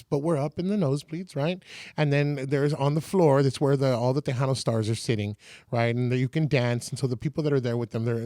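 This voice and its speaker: A man's voice: mid-range voice, mellow, no echo, studio quality. A man in his forties from San Antonio, a radio personality telling stories as a podcast guest and acting out other people's lines. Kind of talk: casual storytelling.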